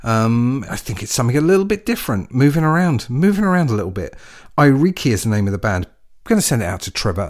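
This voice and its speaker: Chatty English man, animated DJ. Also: mid-range voice, brisk. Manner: chatty, jokey, rambling with fillers. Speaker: radio DJ host. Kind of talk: casual radio presenting.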